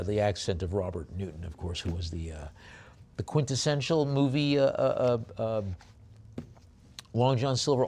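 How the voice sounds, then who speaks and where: A man working as an auctioneer, calling bids in a brisk rhythmic chant and adding chatty asides about the lots. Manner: drops low and soft on a coaxing "please". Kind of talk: live auction bid calling.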